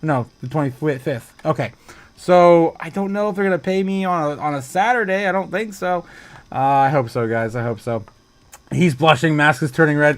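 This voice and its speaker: A man hosts a casual livestream and reads viewer comments aloud. His voice sits a bit high for a man. He is excitable, laughs often and breaks into loud exclamations. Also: moderate pace. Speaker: livestream host.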